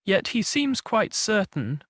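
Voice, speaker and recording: A man's voice: high-pitched, sing-song, slow pace, a bit bright, dry recording, clean studio sound, full character voice. A man voicing an impatient, sarcastic male police inspector who presses his questions hard, in an audiobook mystery. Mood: stern. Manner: demanding, sarcastic.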